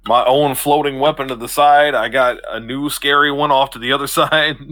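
A man's voice: medium pitch, steady tone, normal speed, sharp tone, no echo. A man playing in a tabletop game, joking around and laughing between words. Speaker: player. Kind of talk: casual chat in a tabletop game.

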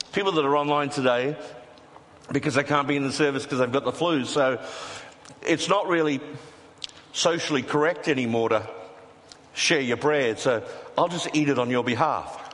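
A man preaching a sermon, relaxed and conversational, tossing playful asides to the congregation. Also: fairly high pitch, moderate pace. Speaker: pastor. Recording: reverberant hall.

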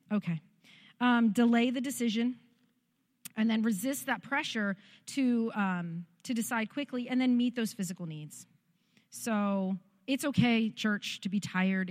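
A middle-aged woman preaches to her church in a relaxed, conversational way. She speaks straight to the people in front of her and urges them on, at a middle pitch that is neither high nor low. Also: no echo, clean studio sound. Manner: conversational, encouraging, direct to the congregation. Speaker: pastor. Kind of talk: sermon.

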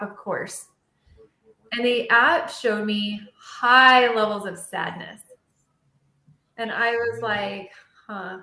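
A woman's voice: mid-range voice, reverberant. A woman hosting an interview, chatting casually and acting out bits of dialogue as she tells stories. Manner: animated storyteller acting out dialogue. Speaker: podcast host.

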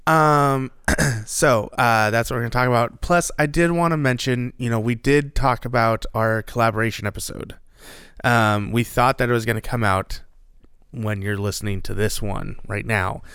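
A man co-hosts a podcast in casual chat, rambling and joking with lots of fillers. His medium-pitched voice is a bit bright, clear and resonant, at a moderate pace, captured in a dry, studio-quality recording.

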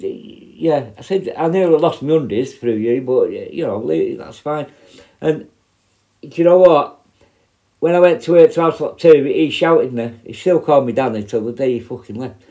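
Middle-aged bloke telling prison stories, sweary, blunt, rambles on, normal pitched voice. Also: male voice, dark tone. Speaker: former prison officer. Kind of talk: casual storytelling.

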